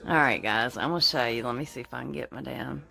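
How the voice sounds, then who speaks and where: This young woman shoots footage of her home on a handheld phone, cursing often and rambling in a frantic rush. She has a bass voice that is creaky and sharp in tone, and she talks fast.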